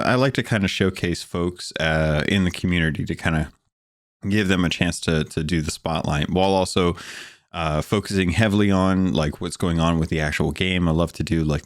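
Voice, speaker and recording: Deep low-voiced guy chatting on a podcast, rambly and relaxed, dry close mic. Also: moderate pace, dry recording. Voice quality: deep morning voice. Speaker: podcast guest. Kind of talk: casual podcast chat.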